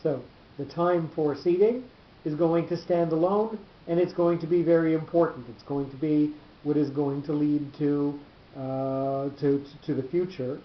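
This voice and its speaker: Measured, halting male teacher in a roomy room. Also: a little high, steady tone. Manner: measured, halting, repeats words while thinking. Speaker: Torah class teacher. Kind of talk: explaining text aloud to a small class. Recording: roomy, dull lo-fi class recording with faint noise.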